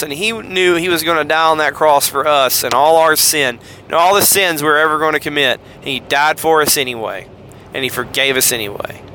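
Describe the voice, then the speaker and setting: A man's voice: on the high side, sharp tone, a little hiss or hum. A man with a Southern US accent hosting a podcast, casually retelling Bible passages and acting out the quoted lines in voices. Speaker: podcast host.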